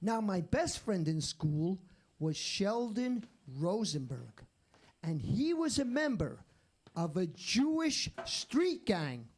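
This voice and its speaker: High-voiced man. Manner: deadpan one-liners, slow setups. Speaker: stand-up comedian. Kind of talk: stand-up routine.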